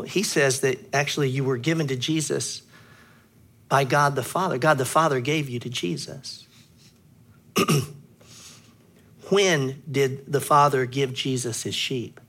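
A man preaching a sermon as a pastor, teaching earnestly, clearing his throat often and pressing hard on key words. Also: medium pitch, fairly bright tone.

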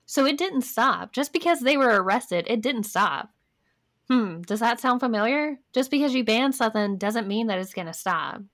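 A woman's voice: on the high side, lively intonation, normal speed, fairly bright tone. A young woman co-hosting a podcast, reading history notes aloud in a casual way and stopping for wry asides. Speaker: podcast co-host.

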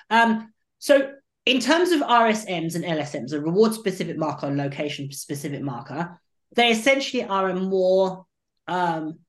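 A man, a dog trainer and coach, explaining his training methods at length in an animated interview. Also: high voice. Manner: animated, acts out what the dog thinks. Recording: roomy echo.

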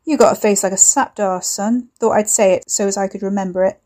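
A woman voicing a stout, jovial middle-aged male crime boss, loud and crude. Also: medium pitch, fairly even intonation, fairly quick, natural voice.

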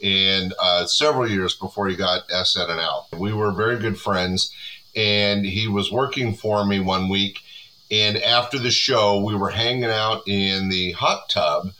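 A man in his sixties, a comedy club owner, chatting casually as an interview guest with relaxed rambling. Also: lowish voice, measured pace, a little hiss or hum, low-quality recording.

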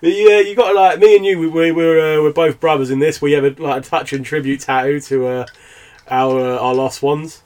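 A man's voice: a little high, steady tone, fairly quick, a little mellow. An English man, a guest on a podcast, chatting casually with frequent laughs and fillers. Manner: laughs often, with many fillers. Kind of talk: casual chat.

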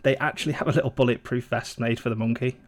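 A man's voice: medium pitch, fairly even intonation, fast. A man co-hosting a casual podcast, rambling and swearing, laughing often. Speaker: podcast co-host. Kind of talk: casual chat.

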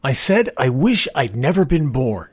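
A man's voice: medium pitch, very animated, normal speed, breathy edge, no echo, studio quality, voice pushed up. A man voicing a young, despairing male bank clerk who speaks sullenly and bitterly. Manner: sullen, resentful outbursts.

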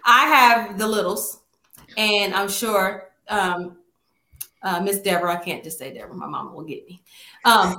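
A woman teacher of young children talking casually and quickly in a panel conversation. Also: mid-range voice, bright, forceful tone. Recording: echoey room.

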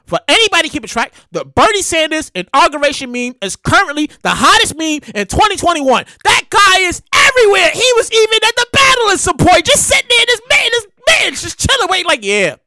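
A man giving excitable, slangy, casual commentary, often loud and drawn out on exclamations. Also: very high-pitched, fairly quick, few pauses, no echo.

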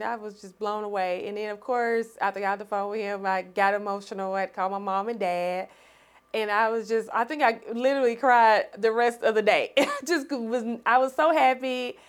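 Animated woman telling her story. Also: fairly high pitch. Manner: animated, expressive, laughs often. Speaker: podcast guest. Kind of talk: storytelling in conversation.

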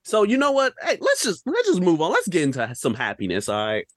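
A man's voice: high-pitched, wildly swooping pitch, fairly quick, a bit bright, no room sound, clean studio sound. A young man co-hosting a podcast, ranting animatedly about films with slang and rhetorical questions. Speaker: podcast co-host. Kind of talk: casual film-review rant.

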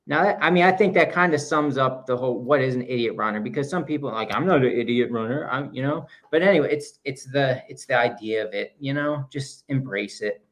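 A man's voice: medium pitch, fairly bright tone. Easygoing man podcast co-host. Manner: easygoing, halting with fillers. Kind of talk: casual chat.

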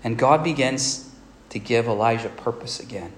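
A male pastor giving an earnest sermon who often checks in with a quick "right?". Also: mid-range voice, a little hiss or hum.

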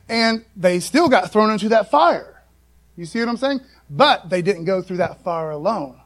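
A man preaching a casual, folksy sermon full of asides to the congregation. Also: high voice. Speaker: pastor.

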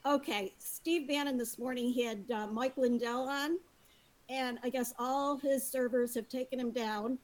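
A woman phones in to a talk show and chats casually in a quiet, soft-spoken way. She keeps her volume down the whole time, and her voice sits slightly high for a woman. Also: fairly even intonation, a little slow. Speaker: caller.

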